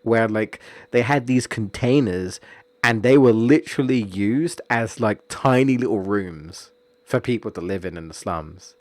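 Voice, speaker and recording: A man's voice: fairly low pitch, a little slow, no room sound. A man, streaming and chatting casually, rambling with many fillers and restarts. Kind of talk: casual chat about a story.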